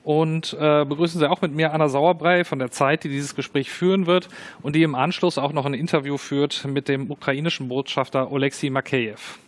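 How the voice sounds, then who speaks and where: Higher-voiced moderator man. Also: steady tone, brisk. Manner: formal, with frequent äh fillers. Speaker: conference moderator. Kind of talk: stage introduction.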